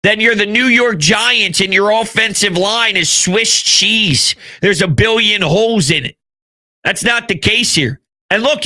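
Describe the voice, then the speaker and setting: A man giving fired-up sports opinion talk as a commentator, passionate and shouting out his big points. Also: very high-pitched, no room sound, studio quality.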